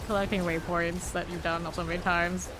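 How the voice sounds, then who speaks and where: A woman's voice: lowish voice, level tone, moderate pace, over music. Chatty woman streaming a game. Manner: chatty and rambling, heavy use of "like". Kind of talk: casual gameplay chat.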